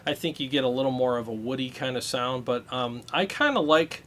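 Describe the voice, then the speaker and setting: A man hosting a casual livestream, talking about guitar gear in a relaxed, rambling way with many fillers. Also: mid-range voice, a little fast.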